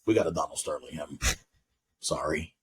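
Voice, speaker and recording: A young man co-hosts a podcast in casual chat, his voice slightly high and husky. His pitch swings widely as he tells loud, laughing stories. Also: fairly quick, poor audio. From New York. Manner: loud animated storytelling, lots of laughing. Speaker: podcast co-host.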